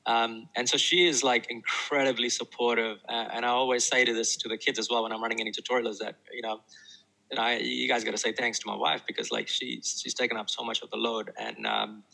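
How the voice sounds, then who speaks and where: A man, a maths teacher who tells stories in a relaxed interview and often restarts his sentences. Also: mid-range voice, a little fast, vocal fry, poor audio. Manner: animated anecdotes with many restarts. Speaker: maths teacher and tutoring YouTuber. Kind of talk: casual storytelling interview.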